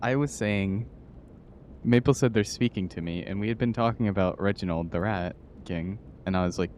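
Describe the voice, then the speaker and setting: A man's voice: on the low side, moderate pace, a little mellow, slight background noise. A man streaming live, chatting casually and playfully with his viewers and laughing often.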